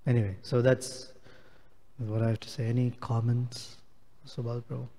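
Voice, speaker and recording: A man's voice: medium pitch, flat delivery, normal speed, dark tone, in a large hall. A man giving a devotional scripture class, explaining a Sanskrit verse word by word. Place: temple hall.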